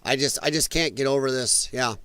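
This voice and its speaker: A man's voice: mid-range voice, fairly quick, fairly bright tone, smooth, dry recording. A middle-aged American man from the Midwest hosting a political commentary stream, ranting with profanity and sarcasm. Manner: profane, sarcastic, mocking mimicry of others.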